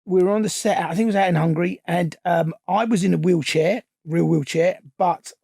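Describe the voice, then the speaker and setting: A middle-aged man with a gravelly, husky voice and a fairly high pitch for a man, telling stories as a guest on an interview show. He stops and restarts his sentences often, then picks up speed and energy as a story gets going. The sound is close and dry. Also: fairly quick, no room sound. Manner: hesitant restarts, animated when telling stories. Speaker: interview guest, film director. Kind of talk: casual anecdote-telling.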